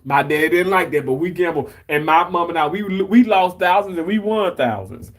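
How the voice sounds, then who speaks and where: A man's voice: on the high side, animated, moderate pace. A man from Mississippi, hosting a livestream in a chatty, emotional and effusive way. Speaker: livestream host. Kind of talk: casual chat.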